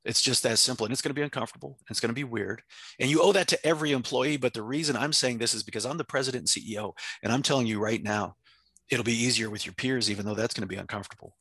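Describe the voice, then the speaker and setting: A man speaks with passionate intensity, his gravelly, husky voice pushing forward at a quick clip. His tone is bright and forceful, and he leans hard on his points. The sound is dry and close. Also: mid-range voice, no room sound. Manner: intense, emphatic, acts out his own quoted speech. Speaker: company president and CEO, guest. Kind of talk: passionate interview answer.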